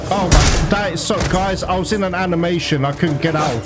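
A man commentating his own gameplay, excitable and prone to swearing and laughing. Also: sits high, brisk, over loud music. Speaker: gameplay streamer.

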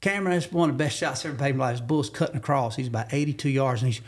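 A man from Georgia with a Southern accent, a podcast guest telling a hunting story in an animated way and acting out the quotes with sudden jumps in pitch. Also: rapid-fire. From Georgia, USA. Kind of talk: animated storytelling in casual conversation.

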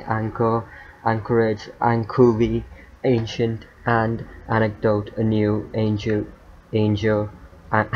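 A man reading dictionary words aloud one after another, in a monotone, with stumbles, fillers and muttered asides. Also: lowish voice. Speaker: youtuber. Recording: dull lo-fi mic with faint noise.

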